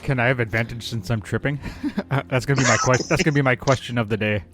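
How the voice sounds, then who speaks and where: A man's voice: medium pitch, steady tone, fast, music in the background. A man playing a tabletop game in casual, joking chat. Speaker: player.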